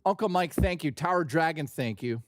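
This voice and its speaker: A man hosting a live reaction stream, joking loudly, swearing and rambling crudely at a desk mic. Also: a little high, lively intonation, moderate pace, no echo, clean studio sound.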